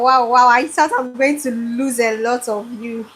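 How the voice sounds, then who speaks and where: A woman's voice: high-pitched, steady tone, a little slow, few pauses, a bit bright. A Nigerian woman hosting a live cooking stream from her home kitchen, talking to her viewers in an effusive way, with a generator running behind her. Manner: effusive, talks straight to viewers. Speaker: cooking show host.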